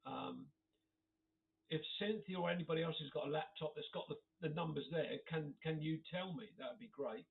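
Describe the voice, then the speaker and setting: A man's voice: fairly high pitch, lively intonation, brisk, vocal fry. Friendly man, casual live-stream chatter, giggly, thin phone-quality recording. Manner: chatty, laughs often, reads out comments. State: occasional cough. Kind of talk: casual chat to live viewers. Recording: tinny phone-like audio.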